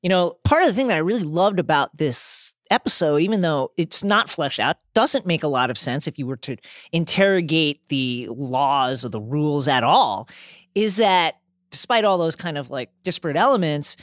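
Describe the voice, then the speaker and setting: A man co-hosting a podcast, talking about a series with emphatic, animated delivery and reading quotes aloud. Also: a little high, normal speed, no echo, clean studio sound. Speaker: podcast co-host. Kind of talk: casual pop-culture discussion.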